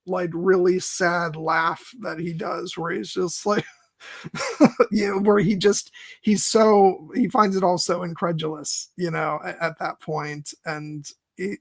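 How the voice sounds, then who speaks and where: A man co-hosting a film podcast, talking in a halting, filler-heavy way and laughing as he retells scenes. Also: a little high, vocal fry, dry recording, clean studio sound. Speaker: podcast co-host. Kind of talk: casual film discussion.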